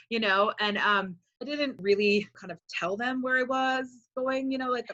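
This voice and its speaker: A woman in her forties from Wisconsin, a high school teacher telling her story as an interview guest, animating quotes in a chatty way. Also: moderate pace, hardly any pauses, lo-fi sound. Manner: animated, acts out quoted speech with "like".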